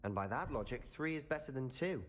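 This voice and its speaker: An actor playing a dry, wry young wizard student in a video game. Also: male voice, mid-range voice, expressive, fairly quick, slight background noise, close to an everyday voice.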